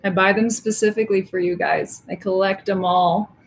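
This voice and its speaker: A woman's voice: mid-range voice, steady tone, moderate pace, creaky. A young adult woman hosting a casual livestream, chatting with viewers, laughing often and counting cards aloud as she works. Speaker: livestream host.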